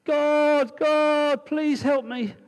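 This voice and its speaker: A man's voice: extremely high pitch, fairly even intonation, extremely slow, big-room sound, pitched above the performer's own voice, full character voice, poor audio. A man voicing a desperate man clinging to a branch, crying out for help in a strained, raised voice. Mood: pleading.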